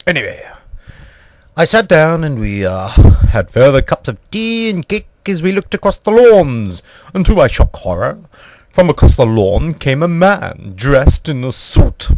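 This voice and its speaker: A young man telling an absurd comic story in a mock-posh, deadpan, rambling way. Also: fairly high pitch, unhurried, no room sound.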